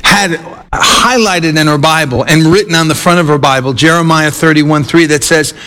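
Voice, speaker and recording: A man preaching a sermon in a high, light voice. He talks earnestly, climbing into emphatic peaks and then stretching key phrases out slowly. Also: sharp tone. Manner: earnest, rising to emphatic peaks and slowing to drawn-out stresses.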